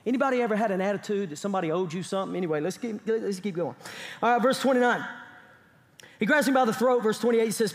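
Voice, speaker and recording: A man's voice: high voice, brisk, in a large hall. A man pastor preaching a sermon in a church, emphatic, asking the congregation rhetorical questions. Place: church sanctuary.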